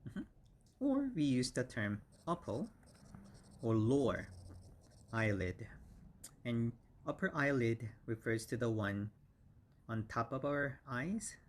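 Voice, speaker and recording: A man teaching English vocabulary, speaking slowly and patiently and repeating each word several times; his first language is Korean. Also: medium pitch, very animated. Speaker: English instructor. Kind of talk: slow vocabulary lesson with repeated words.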